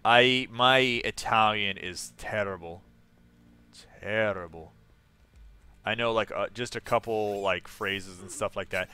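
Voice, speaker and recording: A man's voice: lowish voice, slow, bright, forceful tone, smooth. A young man chatting casually on a live game stream, laughing often and reading viewers' messages aloud.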